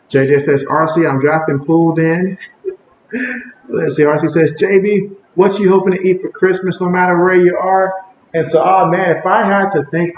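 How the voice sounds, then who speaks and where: A man hosting a casual sports livestream, reading viewer comments aloud and calling the plays, getting excited when the action picks up. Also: on the high side. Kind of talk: casual play-by-play and chat reading. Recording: echoey room with faint ambient noise.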